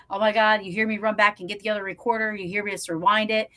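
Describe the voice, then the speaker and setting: A woman who investigates the paranormal, telling stories in an animated way and acting out quotes in a casual podcast chat. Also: mid-range voice, fast talker.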